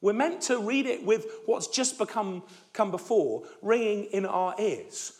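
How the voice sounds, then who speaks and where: A man preaching a sermon, emphatic and animated, often restarting words and letting his voice fall soft at the ends of phrases. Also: sits high, unhurried.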